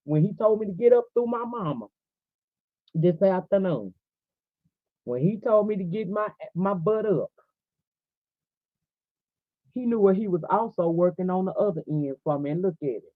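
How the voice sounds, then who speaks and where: A woman's voice: mid-range voice, lively intonation, normal speed, pauses often, dry recording. A woman in her forties hosting a livestream, preaching fervently and speaking straight to her viewers. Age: 40s. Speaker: livestream host. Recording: tinny phone-like audio, dry.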